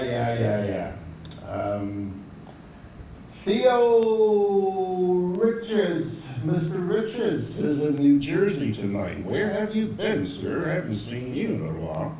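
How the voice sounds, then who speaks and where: A man's voice: mid-range voice, mellow, far from the mic, a little hiss or hum. A man hosting a live show, chatting casually, reading out viewer comments and chuckling along the way. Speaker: show host. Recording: roomy echo.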